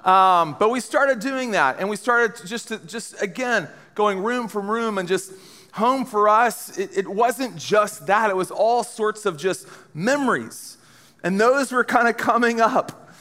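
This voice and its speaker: A man's voice: high voice, measured pace, bright, forceful tone, big-room sound. A man in his thirties giving a live talk to a college audience, telling stories with playful, self-mocking jokes and speaking straight to the room. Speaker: speaker at a college ministry gathering.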